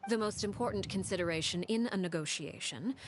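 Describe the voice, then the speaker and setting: An actress playing a cold, calculating woman leader in a game, speaking in a calm, measured, commanding way. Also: medium pitch, slight background noise, natural voice. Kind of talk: game voice acting. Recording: game audio with music.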